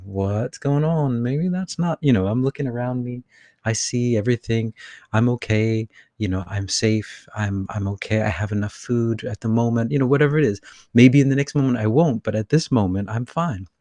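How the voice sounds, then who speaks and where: A man hosting a live spiritual channeling session, talking casually from his room in a rambling way with many fillers and animated bursts. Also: mid-range voice, brisk, no room sound. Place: his room with air conditioner on.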